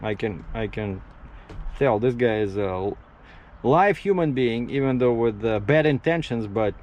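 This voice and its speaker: A man's voice: medium pitch, animated, moderate pace, dull audio. A man who drives trucks, chatting casually in a vlog while parked outdoors. He rambles, restarts his sentences and jumps from topic to topic. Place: outdoors at a truck parking area.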